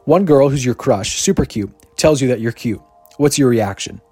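A man preaches in a casual podcast style, mid-pitched and lively, cracking jokes and hurrying through asides. He slows right down to repeat his key lines with emphasis, and faint music plays softly behind him. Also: slightly rough, dry recording. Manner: energetic, joking, swings between rapid asides and slow emphatic repetition. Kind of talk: casual sermon.

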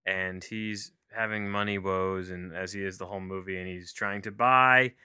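A man's voice: low-pitched, fairly even intonation, moderate pace, sharp tone, smooth, dry recording. A man reviewing a movie from his home office, rambling and self-deprecating, with many fillers and restarts.

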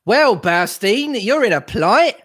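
A man voicing a friendly, teasing young gentleman. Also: high-pitched, very animated, slow pace, no echo, clean studio sound, pitched above the performer's own voice, heavily acted. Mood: genial.

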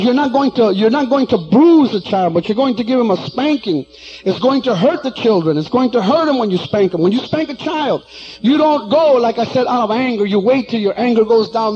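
A man's voice: very high voice, muffled recording. A man preaching a sermon, often restarting and filling with "uh". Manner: preaching with many restarts and fillers, acting out quoted voices.

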